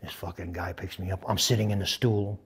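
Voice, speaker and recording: A man's voice: low-pitched, steady tone, brisk, breathy edge. A man in his seventies telling war stories in an interview, swearing freely and acting out the voices and sounds in his tales. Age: 70s. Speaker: interviewee, veteran pilot. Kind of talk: animated storytelling.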